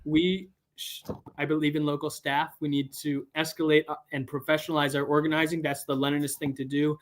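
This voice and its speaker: A young man from Boston joins a podcast as a guest, speaking earnestly but haltingly, with frequent "uh"s. His voice is a touch higher than most men's. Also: level tone. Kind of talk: casual podcast chat.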